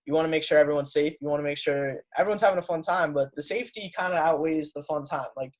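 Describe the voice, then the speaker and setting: Male co-host, earnest and emphatic explainer, slightly high voice. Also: fast talker, rough recording. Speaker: podcast co-host. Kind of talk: casual chat.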